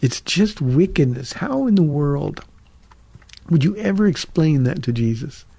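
A man's voice: a little high, big pitch swings, a little slow, gravelly, dark tone, breathy edge, no echo. A man, a pastor, answering listener questions on a radio call-in teaching show in an earnest, conversational way with frequent restarts.

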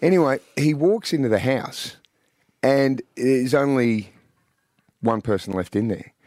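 A man with an Australian accent hosting a breakfast radio show, telling stories in an animated, chatty way. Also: medium pitch, unhurried, no echo, clean studio sound. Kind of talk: casual radio chat. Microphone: studio microphone.

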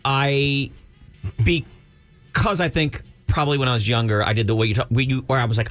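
A man's voice: mid-range voice, steady tone, moderate pace, fairly bright tone, faint music behind. A middle-aged man hosting a radio show, chatting casually in a loose, rambling way full of joking asides. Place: radio studio.

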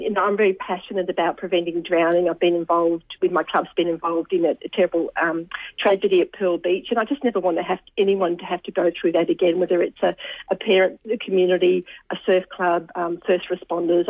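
A woman's voice: lowish voice, flat delivery, a little fast, no room sound. Teary Australian woman on the phone. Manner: emotional, teary, grateful. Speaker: radio caller, children's author. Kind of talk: phone interview on radio. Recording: phone line.

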